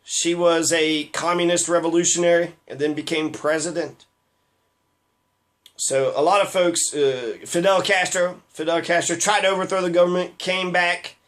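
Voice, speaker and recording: A man's voice: fairly high pitch, fairly even intonation, normal speed, a bit bright. A man giving a heated, profane political rant, rambling with fillers and restarts.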